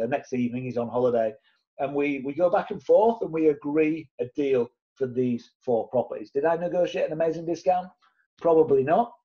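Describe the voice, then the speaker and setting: A man, telling an animated story to camera and acting out the other people's voices as he goes. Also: mid-range voice, highs cut off. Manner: lively, acts out the other voices in his tale. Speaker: property investor sharing his story.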